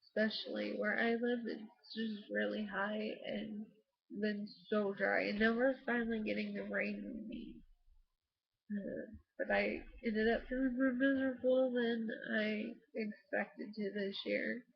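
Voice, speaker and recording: A young woman from the States, hoarse from allergies and losing her voice, rambling tiredly in a casual late-night vlog from her bedroom. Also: mid-range voice, flat delivery, measured pace. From United States. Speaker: vlogger. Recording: dull lo-fi laptop recording.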